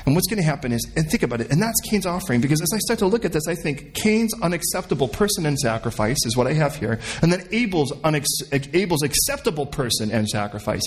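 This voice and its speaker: Animated preacher man, lively pitch. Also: quick pace, few pauses. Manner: animated preaching, acting out voices of God and Cain; explains word meanings from the original language. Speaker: pastor. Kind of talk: sermon.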